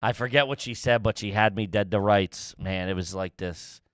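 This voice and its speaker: A man's voice: lowish voice, normal speed, a bit bright, dry recording. A man co-hosting a podcast, telling a story in casual chat, swearing a lot and full of animation. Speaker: podcast co-host.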